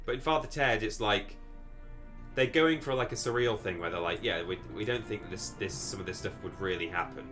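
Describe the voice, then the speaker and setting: Male streamer, lowish and bright, casual and rambling, faint music behind. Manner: rambling, thinking aloud, reading out viewer donations. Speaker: livestream host. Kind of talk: casual live-stream chat.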